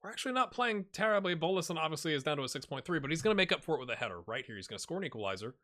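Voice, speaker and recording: Bright, chatty man in his forties. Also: fairly high pitch, sing-song, racing. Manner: rambling, self-deprecating, chatty. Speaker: gaming YouTuber. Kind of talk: casual let's-play commentary.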